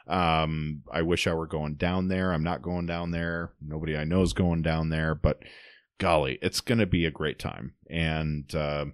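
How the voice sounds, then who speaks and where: A man with a very low voice chats about an upcoming match, pausing often on fillers and restarting his sentences. The sound is close and dry, with no room around it. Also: fairly even intonation, no room sound. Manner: hesitant, many fillers, laughs easily. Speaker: podcast co-host. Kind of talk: casual sports chat.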